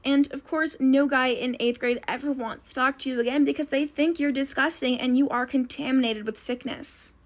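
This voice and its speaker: A young woman telling a school story in a casual, animated way, addressing the listener as "you". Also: high-pitched, normal speed, few pauses. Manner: animated second-person storytelling.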